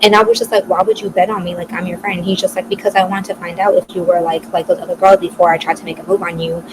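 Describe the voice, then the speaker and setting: A young woman podcast co-host telling a personal story in casual chat, quoting other people in a quick back-and-forth. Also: lowish voice, flat delivery. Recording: clear background noise.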